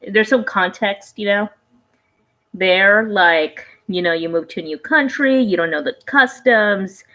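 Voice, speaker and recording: A woman's voice: medium pitch, a bit bright, rough recording. A woman vlogger giving casual reaction commentary, rambling and conversational, often trailing off and restarting her thoughts.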